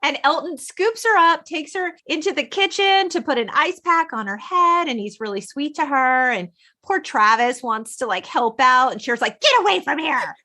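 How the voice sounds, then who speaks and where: A woman in her forties hosting a podcast, recapping a film in animated casual chat, quoting characters and laughing often. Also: high voice, normal speed, few pauses. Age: 40s. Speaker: podcast host.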